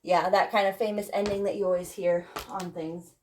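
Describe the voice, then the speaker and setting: A woman's voice: lowish voice, steady tone, fairly quick, reverberant, background noise. A woman teaching a tap dance combination, counting beats aloud as she demonstrates, getting out of breath. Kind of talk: instructional tutorial, counting beats.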